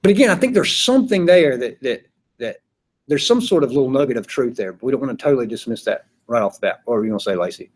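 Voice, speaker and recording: A man's voice: medium pitch, expressive, fast. A man giving a casual classroom lecture, chatty, acting out his examples in little voices. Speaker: philosophy teacher.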